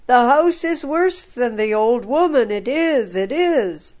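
A woman voicing a group of fearful, excitable male village elders. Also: fairly high pitch, slow pace. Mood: exasperated.

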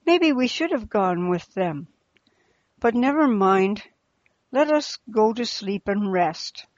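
A woman voicing a gentle, devout male preacher who speaks earnestly, in a slightly muffled recording. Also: medium pitch, expressive, takes it slowly, no room sound. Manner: pleading, earnest.

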